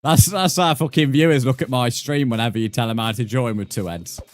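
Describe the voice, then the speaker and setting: A man's voice: medium pitch, brisk, dry recording. A man chatting casually with viewers while streaming a game, rambling and full of crude jokes. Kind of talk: casual live-stream chat while gaming.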